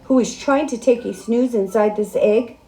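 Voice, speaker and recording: A woman's voice: on the high side, moderate pace, dark tone, voice pushed up, lightly acted. A woman voicing a fussy, bossy male duck in a storybook read-aloud, huffy and boastful.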